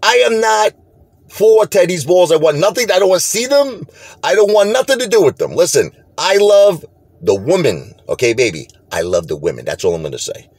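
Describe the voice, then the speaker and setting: A man's voice: high voice, normal speed, dry recording. A middle-aged man, talking straight to camera in an emphatic, repetitive rant as the host of his own video channel. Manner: animated, emphatic, repeats himself. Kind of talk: casual direct-to-camera rant.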